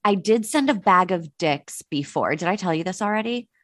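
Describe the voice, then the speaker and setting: A woman co-hosting a podcast, telling stories in a lively, casual way, swearing and laughing often. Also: on the low side, normal speed, dry recording, studio quality, soft background music. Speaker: podcast co-host. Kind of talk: casual chat.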